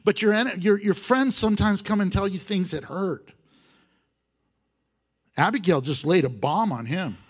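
A man preaching a sermon, exhorting his listeners with animated emphasis and chuckles. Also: high voice, measured pace, long pauses, breathy edge.

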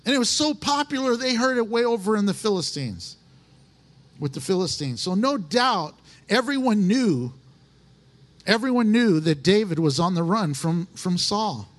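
A male pastor preaching in a church, his voice pitched fairly high and swinging widely up and down. He talks in a folksy, animated way, dropping into quick acted asides as he makes his points. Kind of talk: sermon.

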